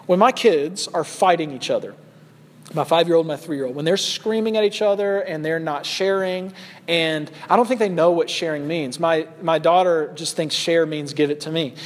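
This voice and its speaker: High-voiced pastor preaching in a reverberant hall. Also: male voice. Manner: earnest, rising to loud acted shouts in quotes. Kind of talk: sermon.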